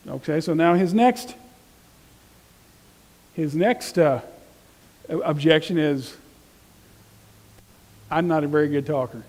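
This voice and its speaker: Guy teaching sunday bible class, kinda high voice, lots of reverb hanging in the room. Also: slow, pauses often. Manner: conversational, reads scripture aloud with lively emphasis. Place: church classroom.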